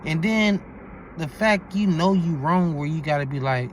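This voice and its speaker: A man's voice: on the high side, lively intonation, normal speed, slight background noise. A man hosting a reaction video, talking in incredulous, profane street slang. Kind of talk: reaction commentary.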